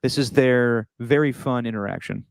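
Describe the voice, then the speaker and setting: A man's voice: mid-range voice, normal speed, vocal fry, no room sound. Chatty man hosting, in a dry room. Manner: chatty, laughs easily, mimics quotes. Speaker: podcast host. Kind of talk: casual chat.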